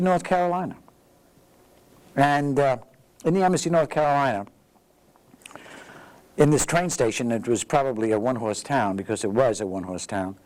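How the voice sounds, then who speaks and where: A man's voice: on the high side, low-quality recording. A man, a veteran telling his story in an interview and acting out the dialogue. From the Bronx, New York. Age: 80s. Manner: lively storyteller who acts out dialogue. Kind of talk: anecdotal storytelling.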